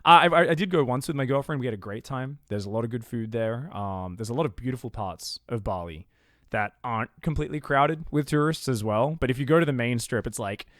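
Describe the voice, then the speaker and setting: Australian guy, podcast guest, quick and lively, dry close mic. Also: mid-range voice, dry recording. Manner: animated storyteller, acts out street vendors. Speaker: esports caster, guest. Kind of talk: casual podcast chat.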